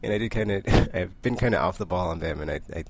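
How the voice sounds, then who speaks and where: A young man chatting casually about the comics he picked up this week, rambling with asides and short laughs and acting out the characters in quick voices. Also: deep voice, vocal fry. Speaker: comic book vlogger. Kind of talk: casual comic book review.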